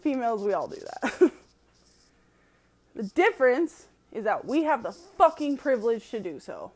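A woman's voice: fairly high pitch, sing-song, normal speed. A woman giving a casual opinion monologue, emphatic and profane, laughing often as she talks. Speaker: commentator.

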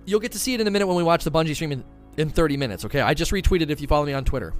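A man commentating live on a stream, excitable, with quick bursts of enthusiasm and fillers. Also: on the high side, faint music behind.

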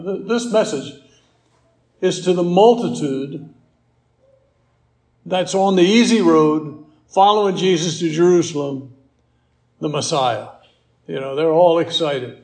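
A man's voice: on the high side, creaky, a little mellow, roomy sound. A man preaching a sermon as pastor, building emphasis with repeated rhetorical questions.

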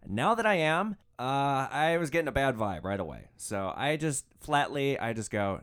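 A male podcast host telling a story in a relaxed, wry way, peppered with "like". His voice sits in a middle pitch but swings up and down expressively. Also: normal speed, hardly any pauses, clear, resonant tone. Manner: casual, animated, wry storytelling full of likes.

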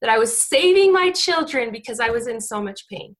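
A woman's voice: a little high, expressive, brisk. A woman, around her forties, giving a heartfelt devotional talk to her congregation, close to tears and often restarting her sentences. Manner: heartfelt and emotional, with frequent restarts. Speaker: church speaker.

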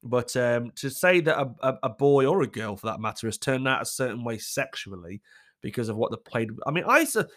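A man's voice: medium pitch, very animated, a little fast, fairly bright tone. A man, reading advice letters aloud and reacting in blunt, casual commentary, swearing freely as he talks.

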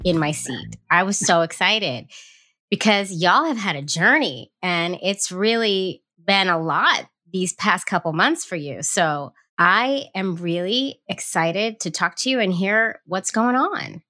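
A woman's voice: lowish voice, expressive, a little slow, sharp tone, dry recording. A woman hosting a podcast, bubbly and effusive, talking close to the mic. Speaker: podcast host. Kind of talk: enthusiastic podcast interview.

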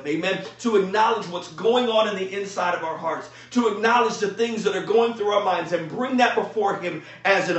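A man preaching a sermon as pastor, fervent and calling out to his congregation, at times rising to shouts. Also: high-pitched, far from the mic. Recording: echoey room, voice from off-mic.

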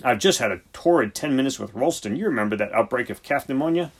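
A man's voice: mid-range voice, expressive, fast talker. A man voicing an earnest, defensive young junior vet in an audiobook. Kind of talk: audiobook character voice.

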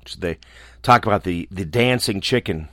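A man who hosts a show, talking alone in a small room in a reflective, earnest way, often restarting and trailing off softly. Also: low voice, no echo, studio quality. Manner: earnest, halting, with restarts and soft trailing endings. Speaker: radio host. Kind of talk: reflective casual monologue.

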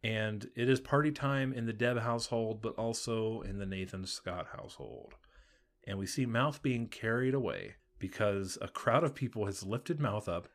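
Podcast co-host, man, plain and steady, walks through plot points. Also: fairly low pitch, normal speed. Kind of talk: casual TV recap narration.

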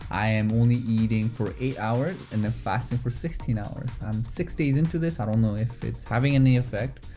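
A young man with a mid-range voice and a mellow, warm tone leads a casual chat podcast. He teases his co-host dryly and moves things along briskly. He is recording in a bedroom padded with blankets. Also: medium pitch, soft background music. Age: young adult. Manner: teasing, brisk and wry.

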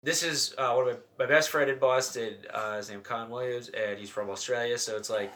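A man, a comedian guest, telling stories on a casual podcast, animated and swearing, with a handheld mic held very close. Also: medium pitch, brisk, a little hiss or hum. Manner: animated, swearing, acts out quoted voices.

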